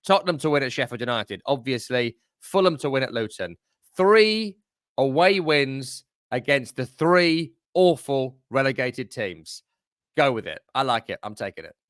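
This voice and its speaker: A man, a football expert talking bets in a blunt, opinionated, brisk casual chat. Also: medium pitch, lively intonation, fairly bright tone, clean tone, no echo, studio quality.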